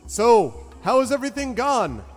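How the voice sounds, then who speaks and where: A man voicing a cheery male ally in a tabletop game, with a lilting, high, theatrical delivery. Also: very animated, normal speed, long reverb tail, faint music behind.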